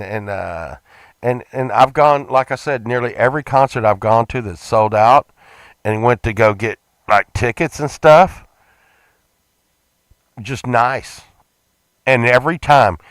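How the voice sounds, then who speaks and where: A man's voice: medium pitch, dry recording. A man talking in a casual, rambling vlog, stumbling over his words and repeating himself. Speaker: vlogger.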